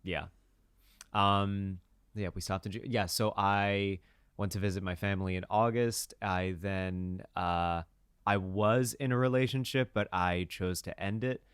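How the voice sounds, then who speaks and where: A man's voice: lowish voice, fairly even intonation, a little slow, a bit bright, smooth, dry recording, studio quality. A young man co-hosting a podcast, chatting in a rambling, jokey way with lots of fillers and restarts. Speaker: podcast co-host. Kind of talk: casual chat.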